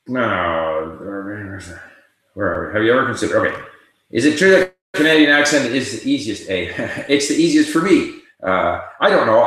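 A man's voice: on the low side, fairly bright tone. A man hosting a casual livestream, reading viewer questions aloud and answering them in a conversational way. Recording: very echoey room.

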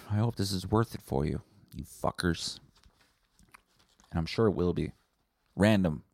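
Low, dark-voiced man on a podcast. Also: unhurried, gravelly, no echo, clean studio sound. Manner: profane, rambling and blunt. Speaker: podcast host. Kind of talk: casual solo podcast monologue.

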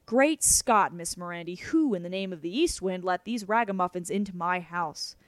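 Woman reading as a quirky young Irish gentleman. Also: sits high, moderate pace, no room sound. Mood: playful.

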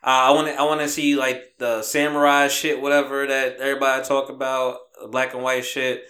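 A man's voice: medium pitch, completely flat delivery, sharp tone, reverberant. A man co-hosting a podcast, joking around in casual chat and often restarting his sentences. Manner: joking, halting, many restarts. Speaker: podcast co-host.

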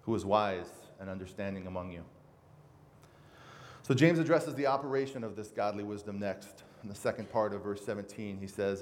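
A man's voice: lowish voice, normal speed. A man preaching a sermon as pastor, earnestly reading scripture aloud with emphasis. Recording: reverberant hall with faint noise.

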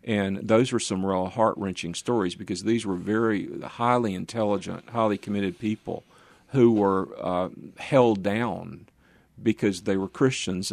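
An older man, a pastor, telling stories of his ministry in an interview, earnest and quick to laugh. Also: fairly low pitch, creaky, a little mellow, no echo. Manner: earnest storytelling with easy laughs. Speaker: pastor and guest.

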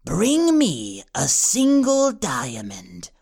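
Voice actor as an ancient chaos witch, gravelly, slow and drawn out, eerie whispery rasp. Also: fairly low pitch, wildly swooping pitch, darkish tone, full character voice. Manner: drawn-out, theatrical, swooping delivery. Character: ancient chaos witch trapped in a cup, scheming. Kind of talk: audiobook character voice.

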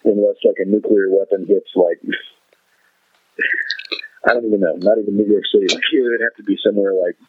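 A man's voice: lowish voice, fairly even intonation, brisk, pauses often, husky, no echo. A man in casual political podcast chat, exasperated and sarcastic, swearing freely. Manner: exasperated, sarcastic, profane, mocking voices. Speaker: podcast co-host. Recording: tinny phone-like line.

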